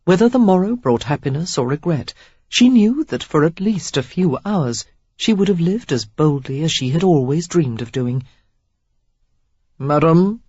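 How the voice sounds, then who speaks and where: Husky, expressive audiobook narrator. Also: medium pitch, moderate pace, no room sound, lo-fi sound. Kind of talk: scripted narration.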